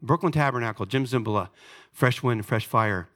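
A man's voice: medium pitch, normal speed. A man preaching a sermon to a congregation in a church, talking plainly, then reading a story aloud with rising intensity. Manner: earnest, rising and louder when reading the story. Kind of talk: sermon with read-aloud passage. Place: church sanctuary before a congregation.

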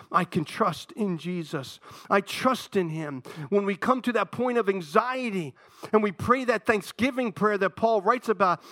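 A preacher man with a slightly raised pitch, talking close and dry with no room sound around him. He tells an old TV story like a conversation with friends, with asides to the crowd, then turns quiet and earnest to press the question of trust. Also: no echo. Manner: conversational storytelling, retells a TV episode with asides to the congregation. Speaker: pastor. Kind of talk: sermon.

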